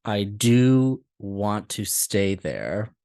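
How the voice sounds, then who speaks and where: A young man co-hosting a podcast, chatting casually and laughing often as he tells animated stories. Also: lowish voice, drawn-out words, clear, resonant tone, dry recording, studio quality. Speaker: podcast co-host. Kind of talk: casual chat.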